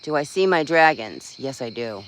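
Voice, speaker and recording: A man's voice: mid-range voice, lively intonation, normal speed, a bit bright, slight background noise, poor audio. A man chatting casually on a livestream, venting bluntly, swearing freely and rambling with lots of fillers. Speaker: livestream host. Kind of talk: casual live-stream chat.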